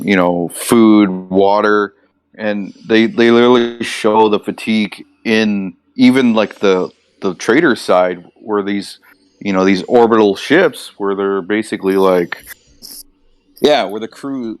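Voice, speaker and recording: A man with a low voice co-hosts a casual podcast about books. He rambles through plot points and acts out what characters say. The recording is close and dry. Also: smooth, no room sound. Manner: rambling, lists things, acts out quotes. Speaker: podcast co-host. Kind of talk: casual book discussion.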